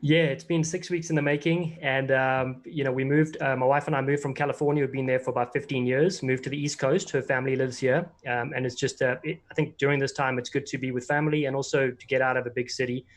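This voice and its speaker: Fast-talking American male guest. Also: mid-range voice, steady tone. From United States. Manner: friendly, anecdotal. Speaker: guest, rugby commentator. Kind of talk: casual interview chat.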